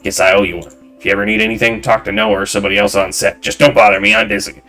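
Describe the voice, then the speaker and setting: A man voicing a loud, arrogant male film director who shouts and talks down to people. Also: lowish voice, level tone, racing, faint music behind. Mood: brash, condescending. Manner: shouting, condescending, brash.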